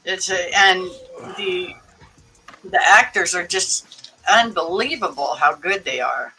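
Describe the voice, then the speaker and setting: A man's voice: high voice, slow, creaky, bright, forceful tone, faint music behind, poor audio. A man chatting casually in a group, enthusiastic and full of short agreeing replies.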